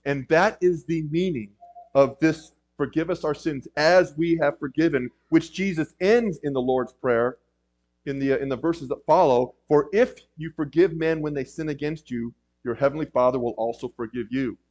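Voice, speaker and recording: A man's voice: a little high, moderate pace, darkish tone. A man preaching a sermon in a conversational way, with frequent ums and emphatic rises. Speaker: pastor. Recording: dull lo-fi recording.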